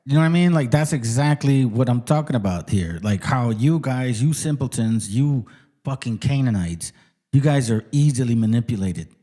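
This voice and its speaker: A man talks through clips he is playing for his viewers. His speech is casual and profane, and it turns combative as he lectures them. His voice sits at an ordinary pitch. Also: expressive, normal speed, warm tone. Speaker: channel host. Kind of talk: casual reaction commentary.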